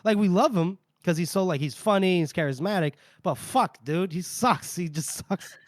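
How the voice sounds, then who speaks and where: A man's voice: sits high, moderate pace, dry recording, studio quality. A man co-hosting a casual book-discussion podcast, retelling chapters with put-on character voices and plenty of swearing. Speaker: podcast co-host.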